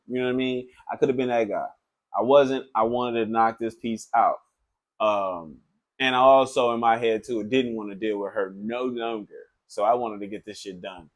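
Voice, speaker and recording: A man who works as a tattoo artist, telling a story in a loose, animated, profane way, full of filler phrases. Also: medium pitch, moderate pace. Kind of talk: casual storytelling.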